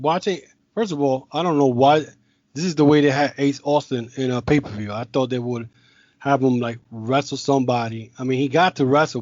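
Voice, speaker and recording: A man hosts a podcast in loose, casual chat, rambling and circling back on himself as he talks. His voice is mid-pitched. The sound is dull and lo-fi, with a dry, close mic. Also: darkish tone, no room sound. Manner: rambling, with many restarts and filler. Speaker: podcast host.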